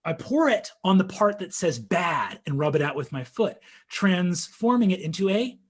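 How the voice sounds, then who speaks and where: A young man telling a story in casual conversation, animated and full of fillers, acting out what people said. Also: sits high, moderate pace, breathy edge. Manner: animated storytelling, acts out quotes, frequent fillers.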